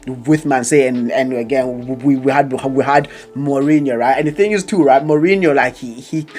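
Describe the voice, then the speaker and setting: A man's voice: mid-range voice, moderate pace, darkish tone, soft background music. A young man vlogging casually about football, rambling and stuttering, with giggles, side tangents and lots of slang. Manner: slangy, calls viewers bro and fam. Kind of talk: casual chat to camera.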